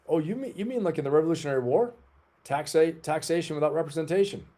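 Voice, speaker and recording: Male livestream host, forties, warm low-key tone, rambling casual delivery to the chat. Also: fast. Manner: rambling, chatty, talks to the chat. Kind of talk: casual live-stream chat.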